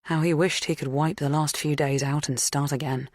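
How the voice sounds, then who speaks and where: A woman narrating a suspense audiobook in a measured, even reading. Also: low-pitched, no room sound, studio quality. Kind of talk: scripted narration.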